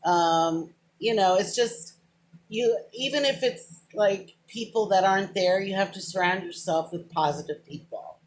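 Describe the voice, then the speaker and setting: A woman's voice: medium pitch, a little slow. A middle-aged woman rambling to a close camera in a casual, emotional vlog monologue, drifting between thoughts with "but anyway". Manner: rambling, self-described, wanders off and says "but anyway"; emotional, openly talks about crying. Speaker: vlogger. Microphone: camera close to the face, within arm's reach.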